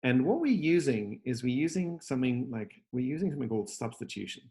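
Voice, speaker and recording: A man talks through his app over a video call from home, upbeat and rambling, full of ums and restarts. His voice sits at an ordinary middle pitch. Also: sing-song, fast talker, dark tone. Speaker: software company host demoing his app. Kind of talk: casual demo chat over video call.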